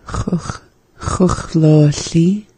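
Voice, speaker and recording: A woman's voice: low-pitched, steady tone, extremely slow, warm tone, slightly rough, no room sound. A woman carefully repeating phrases during a radio language lesson.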